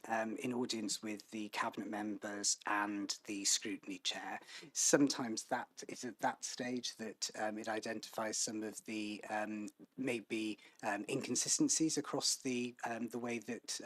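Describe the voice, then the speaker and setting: Council director man, lowish voice, dry close sound, careful and halting formal answers. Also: fairly bright tone, no room sound, low-quality recording. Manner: measured, hesitant, many ums and restarts. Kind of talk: formal committee meeting answer. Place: council committee meeting, hybrid.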